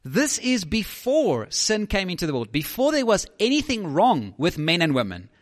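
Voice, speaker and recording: A man's voice: high-pitched, huge pitch swings, moderate pace, long reverb tail. A man preaching a sermon as a pastor, emphatic, often putting questions to the listeners.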